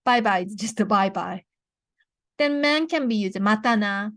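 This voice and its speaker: A young woman with a Japanese accent teaching a beginner language lesson, saying words slowly and clearly for repetition, with frequent restarts. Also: mid-range voice, lively intonation, a bit bright, no room sound, studio quality. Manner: slow, careful model pronunciations with many restarts.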